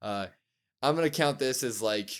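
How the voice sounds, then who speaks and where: Man recapping wrestling, lively. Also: mid-range voice, normal speed. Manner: retells scenes acting out quoted lines in lively voices. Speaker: podcast co-host. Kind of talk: casual wrestling recap chat.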